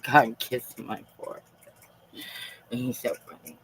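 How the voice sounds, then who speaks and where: A woman's voice: extremely low pitch, expressive, unhurried, fairly bright tone, slight background noise, rough recording. A woman hosting a live stream, talking in a rambling, profane and fervent way. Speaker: livestream host.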